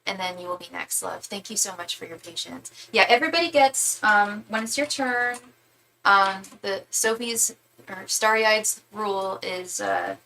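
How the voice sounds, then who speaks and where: A woman's voice: medium pitch, normal speed, bright, forceful tone, poor audio. A young woman giving a live-stream tarot reading, talking casually in slangy, emphatic bursts and often restarting her sentences. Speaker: tarot reader.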